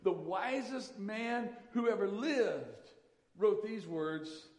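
A man delivers a sermon in a fairly high voice, pressing his points and repeating key lines for emphasis. His voice rings through a hall with a long reverb tail. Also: expressive, slow pace, darkish tone. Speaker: pastor.

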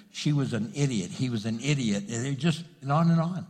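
A man's voice: medium pitch, lively intonation, a little fast, hardly any pauses, darkish tone. A man preaching a sermon as pastor, building emphasis and acting out quotes. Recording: reverberant hall.

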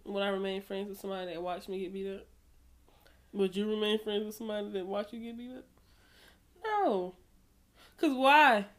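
A woman co-hosting a podcast in a recording studio, chatting casually in an animated, teasing, emphatic way. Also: mid-range voice, moderate pace, long pauses. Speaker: podcast co-host. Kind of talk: casual chat.

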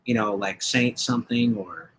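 A man's voice: mid-range voice, moderate pace, a bit bright. Rambling male podcast co-host. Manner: rambling, lots of fillers and restarts. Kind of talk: casual chat.

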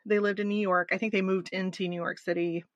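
A woman co-hosting a podcast, recapping a documentary in casual chat with animated asides. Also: mid-range voice, fast, no echo, dull audio. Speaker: podcast co-host.

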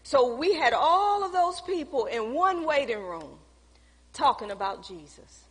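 A woman's voice: high voice, sing-song, a little slow, fairly bright tone. A woman pastor preaching a sermon, telling a personal story and acting out conversations with emphasis. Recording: long hall reverb.

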